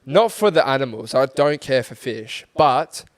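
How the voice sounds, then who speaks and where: A man's voice: mid-range voice, big pitch swings, measured pace, no echo. Easygoing young man, dry sound. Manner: easygoing, joking, swears casually. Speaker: podcast co-host. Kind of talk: casual chat.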